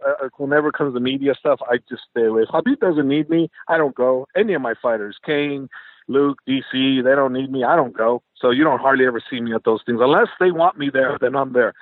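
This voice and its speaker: A man's voice: medium pitch, brisk, no room sound. A man, an MMA coach, telling stories in a phone interview and acting out quoted dialogue with lots of energy. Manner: animated, acts out quoted dialogue. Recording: tinny phone line, dry.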